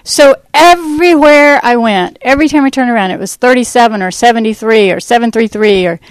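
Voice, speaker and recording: Higher-voiced woman giving an animated testimony. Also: brisk, smooth, no echo, poor audio. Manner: animated storytelling that acts out quoted speech; rambling, with fillers and restarts. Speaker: Christian ministry speaker. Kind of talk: personal faith testimony to a church audience.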